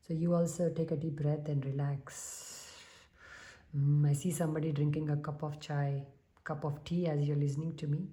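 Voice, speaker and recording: Calm and in no rush, this woman reads tarot for her viewers in a spiritual vein. Her voice is low and mellow, and she hums softly during pauses.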